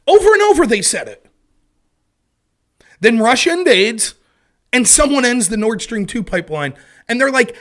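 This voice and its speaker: Male stream host, high lively voice, sarcastic, swears, mocks critics. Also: normal speed. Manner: animated, sarcastic, mocking imitations of opponents; swears freely in exasperation. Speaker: political livestream host. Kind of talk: casual political commentary.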